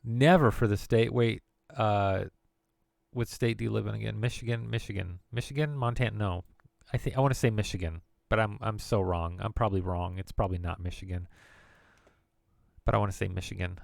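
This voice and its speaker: Male streamer, gravelly voice, dry close sound, loose and jokey banter. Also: fairly low pitch, steady tone, brisk, dry recording. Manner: rambling and jokey, riffing on words. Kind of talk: casual live-stream chat.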